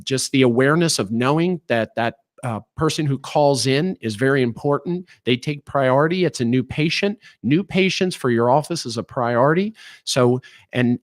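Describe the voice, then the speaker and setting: A man's voice: medium pitch, normal speed, no echo. Earnest man coaching front desk staff. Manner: earnest, filler-heavy coaching; acts out phone calls in a raised voice. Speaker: chiropractic practice trainer. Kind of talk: front desk training talk.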